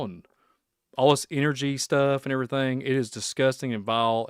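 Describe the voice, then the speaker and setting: A man talks his way through a solo podcast rant, rambling and excitable, chuckling as he goes and sometimes trailing off into quiet muttering. His voice sounds smooth and resonant. The recording is close and dry. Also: mid-range voice, moderate pace, no echo. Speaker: podcast host.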